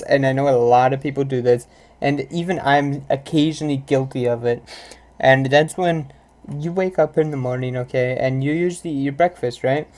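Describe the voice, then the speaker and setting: A young woman vlogger rants live to viewers about her pet peeves, her voice extremely low in pitch and warm. She sounds exasperated and rambles, full of "like" and "if you know what I'm saying."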